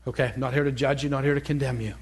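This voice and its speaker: Husky earnest preacher man. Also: medium pitch, fairly even intonation, racing. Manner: earnest, conversational preaching with rising fervent peaks. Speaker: pastor teaching a ministry school. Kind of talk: sermon storytelling. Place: church hall before an audience.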